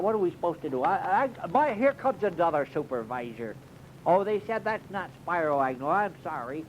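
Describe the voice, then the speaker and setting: A man's voice: high voice, expressive, fairly quick, a little hiss or hum. A man doing a comic monologue as a cave tour guide, rambling in a folksy drawl with bouts of mock alarm. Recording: dull lo-fi recording.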